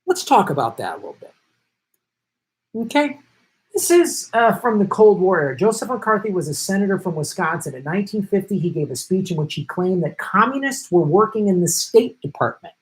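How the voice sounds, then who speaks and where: A man's voice: sits high, big pitch swings, brisk, low-quality recording. A man hosting a political commentary show, ranting with indignant sarcasm and emphatic repetition.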